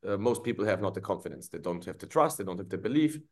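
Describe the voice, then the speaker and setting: Fast-talking blunt fight coach, man. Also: low-pitched, animated. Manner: blunt, motivational, speaks in short firm statements. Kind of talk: casual podcast conversation.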